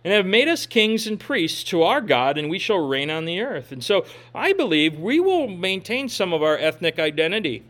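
Male pastor, higher-pitched, sermon delivery with scripture reading. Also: very animated, normal speed, hardly any pauses, a bit bright. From Minnesota. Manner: preaching with scripture readings and asides.

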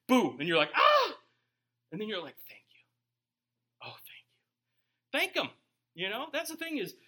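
A man preaching a sermon as a pastor, joking and talking to the congregation in a casual, animated way. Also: high-pitched.

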